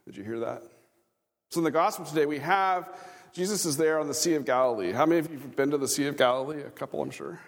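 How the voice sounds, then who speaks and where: A man's voice: fairly high pitch, fast talker. A man, a pastor preaching a conversational sermon with chuckling asides and questions to the congregation. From Kansas. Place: church sanctuary. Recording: reverberant church hall.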